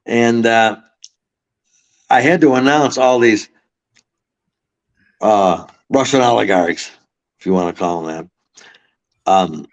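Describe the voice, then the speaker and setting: A man from Buffalo, New York, a podcast guest, telling long rambling stories with swearing. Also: on the low side. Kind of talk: casual storytelling. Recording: slightly muffled audio.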